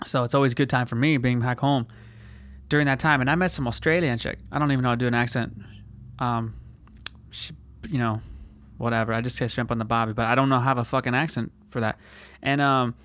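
A man's voice: medium pitch, no room sound, studio quality. A man in his twenties from California, hosting a podcast in a rambling, profane solo rant that leans on "dude" constantly. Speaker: podcast host.

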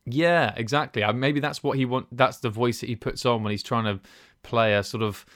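A man chats casually as a podcast co-host, rambling and enthusiastic. His pitch sits at the middle of the usual range. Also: normal speed, fairly bright tone, dry recording, studio quality. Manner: rambling, enthusiastic, many restarts and fillers. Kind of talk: casual chat.

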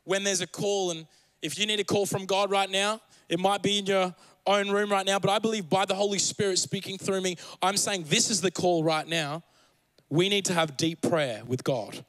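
A young pastor preaches with a high, light voice, earnest and rising to fervent urgency. The sound is close and dry, with no room around him. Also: male voice, steady tone, moderate pace, a bit bright, no echo, rough recording. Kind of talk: sermon.

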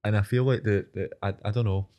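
A man's voice: lowish voice, fairly even intonation, fast talker, warm tone. A Scottish man co-hosting a podcast, chatting casually with hesitant, stumbling starts in a studio. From Scotland. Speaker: podcast co-host. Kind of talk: casual chat.

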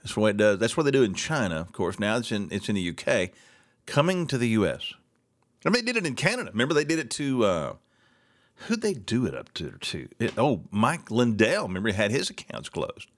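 A man's voice: fairly low pitch, sing-song, fairly quick. A middle-aged man hosting a solo talk show, ranting with sarcastic indignation.

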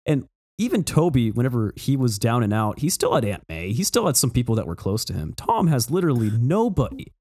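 A man in casual conversation about a film, talking in a thoughtful, earnest and measured way. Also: medium pitch, sing-song, darkish tone. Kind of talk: casual movie discussion.

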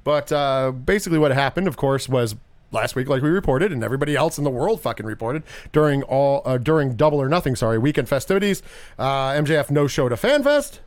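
A man hosting a podcast in casual chat, animated and profane, rambling with restarts. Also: mid-range voice, quick pace. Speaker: podcast host.

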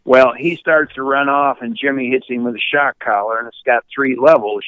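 An older man from Michigan, a retired pitcher and podcast guest, telling animated hunting stories in casual chat. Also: normal speed, smooth, no room sound, highs cut off. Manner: animated anecdote teller, mimics yelping dogs and shouting people.

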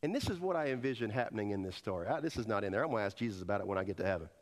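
A man preaching a sermon as pastor, swinging between loud emphatic peaks and hushed quoted lines, and leading the congregation to repeat after him. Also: lowish voice, animated, rapid-fire. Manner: leads the congregation in call and response.

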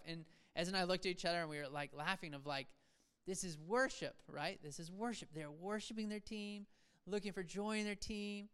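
Pastor in the pulpit, man, smooth clear voice, casual storytelling sermon with sudden emphatic peaks. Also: sits high. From Seattle area, USA. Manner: conversational preaching, self-deprecating asides, quick swings from soft to emphatic. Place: church sanctuary.

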